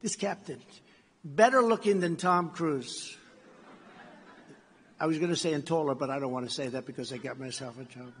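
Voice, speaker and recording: A man's voice: a little high, normal speed, long pauses, fairly bright tone, breathy edge. An older American man giving a meandering speech at a gala, repeating himself and acting out bits of dialogue, in a large hall. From United States. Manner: repetitive, meandering storyteller who acts out dialogue. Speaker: gala speaker. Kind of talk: rambling speech anecdote. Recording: reverberant hall sound.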